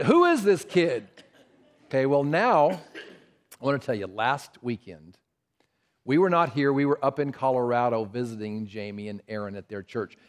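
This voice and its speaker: Older male pastor telling family stories. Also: on the high side. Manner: storytelling, asks the congregation questions. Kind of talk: sermon.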